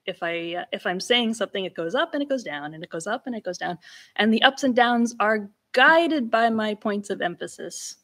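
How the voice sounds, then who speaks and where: A woman gives a lecture-recital in a mid-pitched, ordinary voice. She talks loosely, with restarts. She often breaks into stretched, sliding inflections and sudden exclamations to show how old speech sounded. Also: expressive, moderate pace, a bit bright. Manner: demonstrates speech inflections with sung-like slides and exclamations; conversational, with restarts. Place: lecture room.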